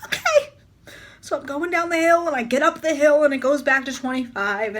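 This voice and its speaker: Young woman rambling thru a story on her vlog, high voice, says like a lot. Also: a little fast. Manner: rambling, chatty, lots of "like". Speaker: vlogger.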